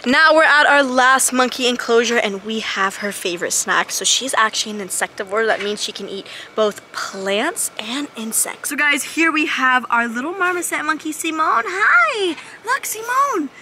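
A young woman keeper casually explaining her animals in a chatty vlog, slipping into high sweet baby talk with them. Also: moderate pace, hardly any pauses, pushed and bright, slight background noise. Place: outdoor animal enclosures.

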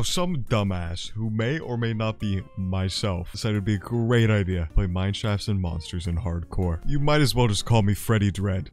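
A man giving profane, sarcastic commentary while playing a video game, breaking into sudden shouts. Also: lowish voice, slight background noise. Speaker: gaming YouTuber. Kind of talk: crude comedic gameplay commentary.

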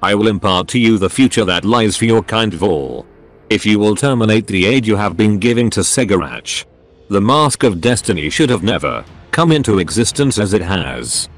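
Brief: a synthetic man reads a formal, menacing machine sorcerer in a storybook tale, low and lively in pitch. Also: normal speed, faint music behind. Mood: cold. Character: cold ancient male robot sorcerer, scheming.

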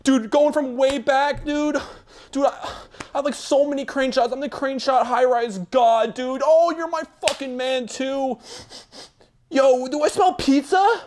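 A man's voice: very high voice, measured pace, darkish tone, slight background noise. A man doing a comedic impression of a young bro streamer who brags and says dude constantly. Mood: bragging.

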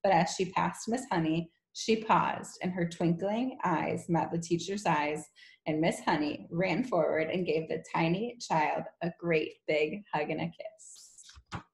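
A woman teacher reading a children's novel aloud to her class in an expressive, gentle way. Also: lowish voice, a little slow, vocal fry. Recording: echoey room.

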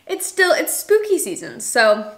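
A woman's voice: high-pitched, big pitch swings, unhurried, fairly bright tone. A young adult woman talking casually to camera in a chatty vlog, full of "like" fillers. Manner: chatty, filler-heavy with lots of "like". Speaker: lifestyle vlogger and podcast host.

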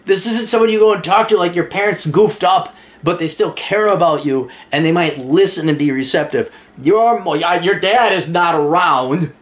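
A man hosting a casual advice show, blunt and profane, reading a listener's letter and answering it. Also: high-pitched. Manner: reads listener's letter aloud. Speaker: advice podcast host.

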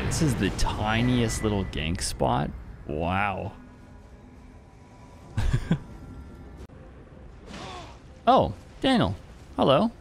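Playful low-voiced man commenting on gameplay. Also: vocal fry, background noise. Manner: playful, teasing, chuckles often. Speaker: streamer playing an online game.

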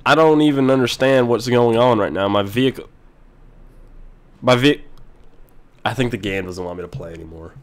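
A young man talks his way through a driving game in loose let's-play commentary. He rambles to himself, swears freely and jumps from mutters to sudden excited shouts. His voice sits at a mid pitch. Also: normal speed, long pauses. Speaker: gaming video host.

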